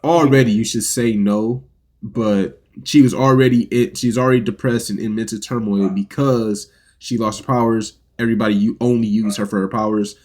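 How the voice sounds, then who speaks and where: A man's voice: on the low side, steady tone, normal speed, darkish tone. A man co-hosting a podcast, loosely retelling an anime plot and quoting the characters in casual speech. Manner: loose, rambling storytelling with quoted lines. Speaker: podcast co-host. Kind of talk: casual anime recap chat.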